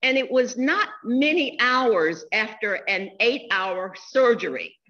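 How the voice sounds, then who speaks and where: A woman in her sixties giving a funeral eulogy, telling stories in a slow, heartfelt way. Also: a little high, lively intonation, sharp tone, muffled recording. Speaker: eulogy speaker.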